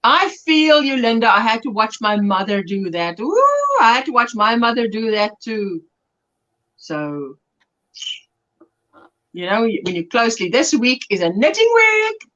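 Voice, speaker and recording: A woman's voice: fairly high pitch, very animated, a little slow, a bit bright. A South African woman hosting a crochet livestream, chatting casually and laughing often as she reads viewer comments aloud. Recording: lo-fi livestream audio.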